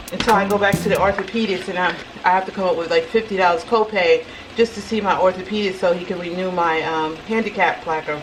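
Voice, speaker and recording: A woman's voice: fairly low pitch, background noise. A woman chatting casually to viewers while she cooks in her home kitchen. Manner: chatty, talks straight to viewers. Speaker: vlogger. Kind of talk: casual cooking vlog chat. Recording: home video with loud music behind.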